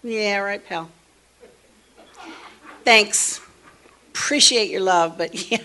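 A woman casually telling a personal story, animated, dropping to hushed asides and rising to loud emphasis. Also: mid-range voice, slow. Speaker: storyteller sharing a personal testimony.

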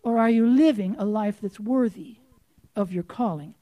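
A woman preaching a sermon, impassioned and direct, firing questions at her listeners and rising to forceful outbursts. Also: mid-range voice, normal speed, dry recording, narrow, tinny audio.

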